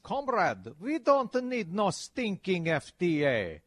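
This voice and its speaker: A man putting on a mock Russian accent, playing a bossy middle-aged Russian strongman who barks gruff orders. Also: high-pitched, wildly swooping pitch, takes it slowly, a bit bright, no room sound, clean studio sound, pitched above the performer's own voice, full character voice. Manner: gruff, bossy, exaggerated commands.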